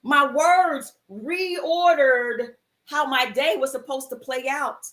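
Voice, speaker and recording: High-voiced woman telling an animated story. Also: slow. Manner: animated, acts out quoted voices, casual slang. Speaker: host of a mindfulness livestream. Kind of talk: inspirational storytelling to viewers. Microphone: livestream computer mic.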